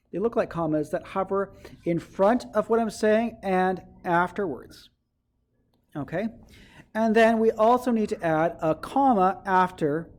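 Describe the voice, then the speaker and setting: A male teacher giving a writing lesson to children, explaining step by step and often checking in with "okay?". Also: sits high.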